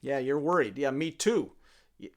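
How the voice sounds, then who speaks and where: A man telling a folktale in a playful, animated way, with a gravelly voice. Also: medium pitch, moderate pace. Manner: playful, animated, talks to his donkey. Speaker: storyteller.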